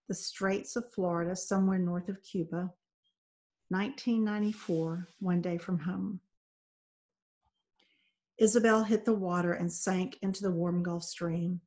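A woman teacher reading a novel aloud to her class in an expressive, dramatic way. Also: fairly low pitch.

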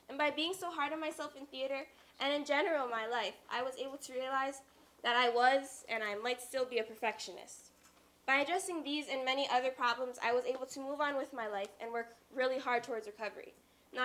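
A woman's voice: high voice, a bit bright. A teenage girl giving an earnest, confiding talk on stage, with wry asides. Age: teens. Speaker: student speaker. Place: stage at a youth talk event.

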